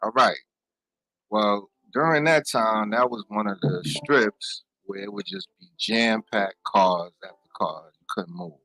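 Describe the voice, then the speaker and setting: Casting: lively man, bright tone, storyteller who does voices for his friends. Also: lowish voice, unhurried, vocal fry, low-quality recording. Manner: animated, acts out friends' lines in a raised voice. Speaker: guest. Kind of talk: casual storytelling on radio. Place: radio studio.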